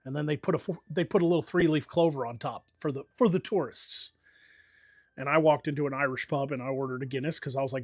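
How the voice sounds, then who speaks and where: A man's voice: fairly high pitch, quick pace, no room sound, clean studio sound. Profane American man telling stories. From United States. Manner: profane, rambling storyteller with many fillers. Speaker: streamer. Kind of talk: casual chat.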